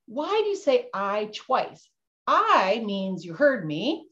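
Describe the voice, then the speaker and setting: A woman's voice: mid-range voice, big pitch swings, slow pace, a bit bright. A woman playing a jittery bumbling schooner captain. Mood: instructive. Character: bumbling male schooner captain, jittery, insists he's not cursed. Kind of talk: storytelling role-play for kids. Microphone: video call. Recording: dull lo-fi video-call audio.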